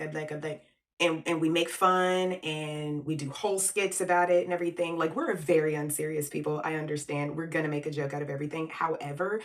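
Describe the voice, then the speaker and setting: A woman's voice: on the low side, recorded from a distance. A woman from the United States giving blunt, slangy opinion commentary in a vlog, laughing often and taking asides. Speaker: vlogger.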